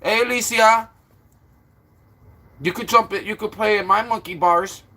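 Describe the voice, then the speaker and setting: A man's voice: unhurried, bright, forceful tone. A stressed man from Florida rambling casually to his livestream viewers. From Florida, USA. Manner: rambling, talks to viewers, turns low and subdued.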